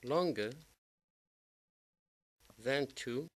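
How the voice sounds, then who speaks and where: Kurdish-speaking guy teaching english, says each word slow and careful. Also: mid-range voice, expressive. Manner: slow, deliberate drilling of word forms. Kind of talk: language lesson.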